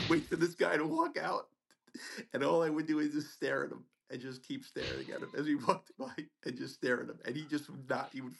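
A middle-aged man telling a story on a podcast in a casual, animated, profane way, acting out the people in it. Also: mid-range voice, creaky. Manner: animated, profane, acts out voices in his story. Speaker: podcast co-host.

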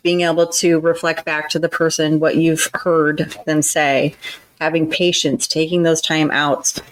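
A woman's voice: low voice, level tone, unhurried, low-quality recording. A woman co-hosting a casual podcast chat, explaining relationship advice earnestly and acting out tones of voice in her examples. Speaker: podcast co-host.

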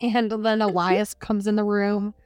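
A woman's voice: mid-range voice, level tone, unhurried, a little mellow, smooth, no room sound, soft background music. A woman co-hosting a podcast, casually summarizing a book with lots of filler "like"s. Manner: chatty, heavy use of "like". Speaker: podcast co-host. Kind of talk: casual book review chat.

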